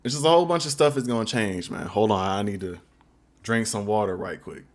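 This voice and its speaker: On the low side and brisk, this young man's voice fills his livestream Q&A as he chats about making beats. He's laid-back and rambles in slang while a beat plays faintly in the background.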